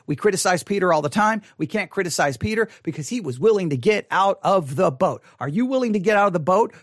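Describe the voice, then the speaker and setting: A man's voice: high-pitched, no echo, clean studio sound. A man leading a Bible study lesson, reading scripture aloud and talking it through in a conversational way, often restarting his sentences. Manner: conversational, reads scripture aloud, frequent restarts and repeated words; mildly critical of typical sermons.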